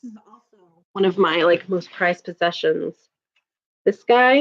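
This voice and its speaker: Speaking in a fairly low, unhurried voice with long pauses, a woman in her thirties hosts a casual livestream from the Chicago area. She laughs often while chatting with viewers, over dull, lo-fi home stream audio.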